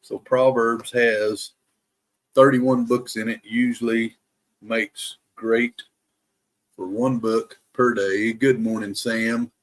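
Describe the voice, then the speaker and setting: Man, Bible live stream host: slow, careful scripture reading, mid-pitched voice, casual between passages. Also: flat delivery. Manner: slow, deliberate reading, careful to pronounce every word. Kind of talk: reading scripture aloud and chatting with viewers.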